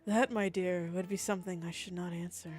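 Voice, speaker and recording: Alcina Dimitrescu, as a woman puts her on, low and commanding. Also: steady tone, fairly quick, soft background music, lightly acted. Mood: seductive. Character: tall aristocratic woman artist, commanding and refined. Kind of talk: reading game dialogue aloud.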